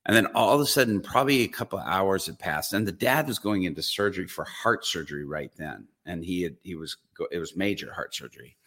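Evangelist guest, male, very low voice; animated storyteller who acts out the scenes. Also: fast, hardly any pauses. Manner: lively storyteller acting out his own reactions. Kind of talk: storytelling in a podcast interview.

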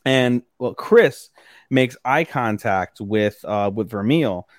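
A man's voice: medium pitch, lively intonation, slow, dry recording, clean studio sound. A man co-hosting an anime podcast, recapping episodes in casual, rambling, profane chat. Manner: rambling, profane, acts out characters' lines mid-recap. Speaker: podcast co-host.

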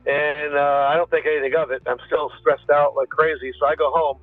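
A former detective, a man, talks through his story in a loose, conversational way, restarting sentences and quoting what others said. His voice sits a touch high for a man and comes through a tinny phone-like line. The sound is dry, with faint music beneath. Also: little pitch movement, fairly quick, dry recording. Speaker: former police detective, interview guest. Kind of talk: recounting a story in casual talk.

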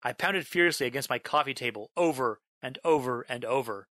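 A man narrating a first-person horror story, dramatic in delivery, drawing out a repeated line slowly and breaking into yelled outbursts. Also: medium pitch, no echo. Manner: dramatic, slows down on a repeated line, bursts into yelling.

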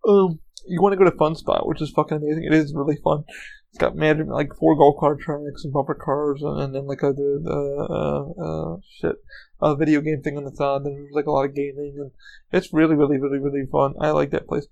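A man's voice: on the high side, flat delivery, fairly quick, creaky, a little mellow, lo-fi sound. A man hosting his own podcast, rambling through a casual story with lots of swearing, fillers and restarts. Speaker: podcast host. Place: lives in Orlando, Florida.

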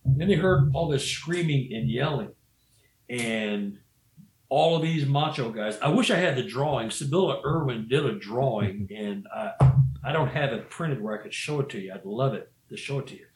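A man's voice: medium pitch, lively intonation, normal speed, slight background noise. A man telling a story in a casual, rambling way, often restarting his sentences and saying "you know.". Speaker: guest storyteller. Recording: roomy echo.

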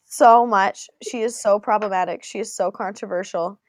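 A woman's voice: medium pitch, moderate pace, dry recording. A young woman co-hosting a podcast, telling stories animatedly in casual chat and saying "like" a lot. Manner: animated storyteller, says "like" a lot. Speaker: podcast co-host.

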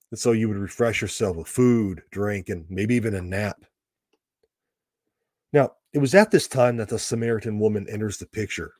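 Low-voiced man explaining a Bible passage. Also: darkish tone, no room sound, clean studio sound. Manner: conversational, explaining step by step with casual asides. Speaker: Bible teacher.

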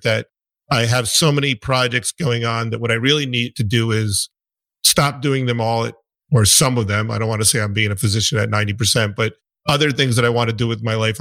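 A man with a Brooklyn accent hosts a podcast and speaks in a friendly, thoughtful way, laughing easily. His voice is bright and sharp at a mid pitch, recorded dry and close. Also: vocal fry, no echo. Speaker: podcast host, physician. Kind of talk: podcast interview.

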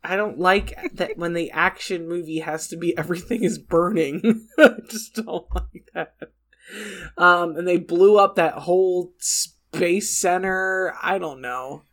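A woman's voice: fairly low pitch, measured pace. A woman co-hosting a casual movie review chat, blunt and cranky, swearing freely as she complains.

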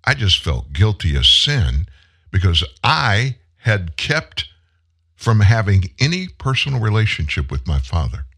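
A man in his seventies with a very low voice that swings widely in pitch. He hosts a show and talks in an earnest, heartfelt way, telling a personal story and pausing for emphasis. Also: very animated, bright, forceful tone, breathy edge. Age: 70s. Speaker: show host. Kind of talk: personal monologue on a live commentary show.

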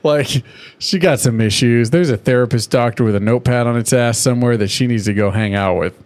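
A man in an easygoing podcast chat, middle-pitched and loose, with swearing sprinkled through. He jumps into high, squeaky voices when he acts out the characters he is recapping. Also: brisk, a little mellow. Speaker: podcast co-host. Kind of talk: casual chat.

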